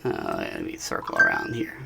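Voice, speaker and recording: A man narrating a software tutorial screencast, talking casually as he clicks through steps and checking in with the viewer. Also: very high voice, huge pitch swings, normal speed, creaky, very noisy. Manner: casual, talks while clicking, frequent "all right" and "right?". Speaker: instructor.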